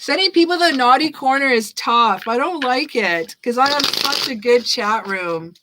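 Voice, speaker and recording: A woman's voice: high-pitched, expressive, normal speed, background noise. A woman reading tarot cards on a live stream, chatty and repetitive, laughing often as she reads viewers' questions. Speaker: tarot reader.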